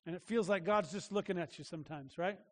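A man's voice: high voice, quick pace. A man preaching a sermon as a pastor, earnest and emphatic, often restarting his phrases. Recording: long reverb of a large hall.

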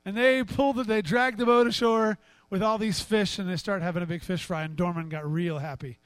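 A man's voice: high voice, a little fast, clean tone, no room sound. A man preaching a sermon as pastor, chatting and joking with the congregation and acting out Bible scenes. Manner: acts out Bible dialogue in a raised, animated voice.

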